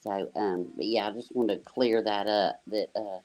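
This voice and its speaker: A woman's voice: very deep voice, moderate pace, darkish tone. A woman joining a livestream panel as a guest, talking in a loose, rambling way with lots of filler words. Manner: rambling, full of "you know" fillers. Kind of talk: casual livestream chat.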